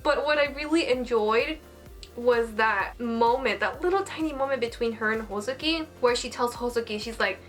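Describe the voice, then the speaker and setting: Animated high-voiced young woman reviewer. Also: normal speed, soft background music. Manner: animated, chatty, swears casually. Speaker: anime reviewer. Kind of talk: casual episode review.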